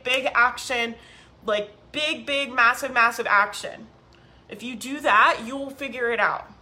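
A woman's voice: a little high, bright, forceful tone. A woman coaching business owners on a live stream, upbeat and emphatic, repeating key phrases and reading viewer comments aloud.

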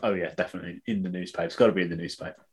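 A man's voice: low voice, fairly even intonation, racing, a little mellow, breathy edge. A British man co-hosting a podcast, bantering casually and swearing in jest. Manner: sweary, jokey. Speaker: podcast co-host.

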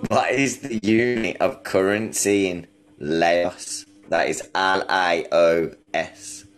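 A man's voice: sits low, fairly even intonation, slow pace. A man running a casual trivia game, reading questions and teasing players with heavy swearing. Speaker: quizmaster. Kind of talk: casual online trivia chat.

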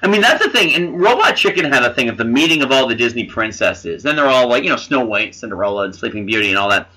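A man in casual chat reviewing a film with friends, animated, swearing and laughing while he hunts for names. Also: mid-range voice, fast, poor audio. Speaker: podcast co-host reviewing a film.

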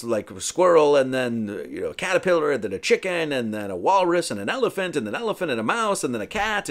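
A man hosting a podcast, casually walking through a film scene and thinking aloud with frequent restarts and asides. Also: medium pitch. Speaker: podcast host.

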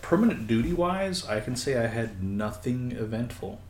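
A man in casual chat among veterans, chiming in with short, knowing remarks in a relaxed, dry way. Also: medium pitch, moderate pace. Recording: echoey room with faint noise.

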